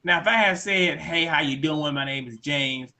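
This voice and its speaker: Relaxed male co-host, bright open tone, thoughtful chat. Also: fairly high pitch, normal speed. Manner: laid-back, reflective, acts out quoted lines. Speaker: podcast co-host. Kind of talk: casual conversation.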